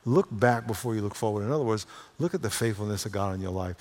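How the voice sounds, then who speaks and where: A male pastor preaching a sermon, shifting between hushed talk and loud exhortation. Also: on the low side, fast. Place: church sanctuary. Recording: long reverb of a large hall.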